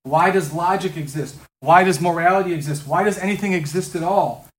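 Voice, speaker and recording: A man's voice: fairly high pitch, fairly quick, slightly rough. A man teaching a class in front of a board, lecturing conversationally and firing off rhetorical questions and mock back-and-forth exchanges.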